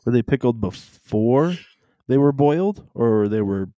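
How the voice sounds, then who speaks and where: A man's voice: medium pitch, animated, unhurried, dark tone, muffled recording. A man co-hosting a podcast in casual chat, with dry, self-mocking humor. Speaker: podcast co-host.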